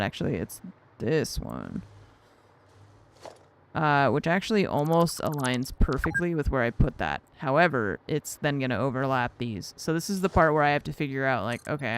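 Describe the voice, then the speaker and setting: A woman's voice: very deep voice, animated, fairly quick, background noise. A young woman streaming a factory-building game, thinking aloud and getting flustered as she juggles numbers, poking fun at herself. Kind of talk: casual gameplay commentary.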